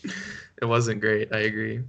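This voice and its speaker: Podcast co-host, male: crisp bright tone, loose rambling talk, quick to laugh at himself. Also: lowish voice, monotone, slight background noise. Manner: rambling, laughs often, self-deprecating. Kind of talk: casual chat.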